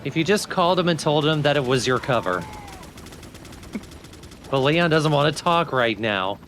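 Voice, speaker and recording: Joking co-host man with lively delivery. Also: a little high, moderate pace, faint music behind. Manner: joking, laid-back banter. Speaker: let's play co-host. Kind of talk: casual gameplay commentary.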